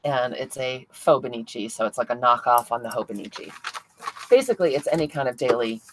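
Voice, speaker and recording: A chatty woman with a low, deep speaking voice hosts a crafting livestream from home. She talks casually while she works, answering viewers by name and laughing often. A faint hiss sits under the recording. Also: animated, fairly quick. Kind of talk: casual livestream chat reading viewer comments.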